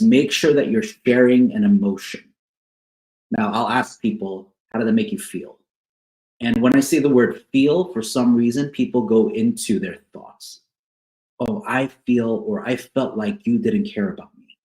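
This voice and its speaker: A man's voice: medium pitch, a little mellow. A man working as a counselor, explaining to couples how to apologize, repeating key words and often checking in with "right?". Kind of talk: teaching on couples conflict. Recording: echoey room.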